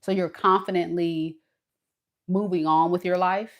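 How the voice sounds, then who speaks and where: A woman giving a casual tarot reading straight to the viewer, expressive and dramatic as she acts out what the other person thinks. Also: on the low side, measured pace. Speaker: tarot reader.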